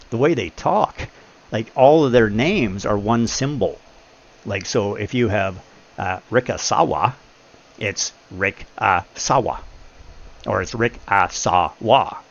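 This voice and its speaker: A man chatting on his gaming stream, talking fast in a blunt, opinionated way. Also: fairly low pitch, gravelly, breathy edge. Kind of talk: casual chat. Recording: dull lo-fi stream audio, faint noise.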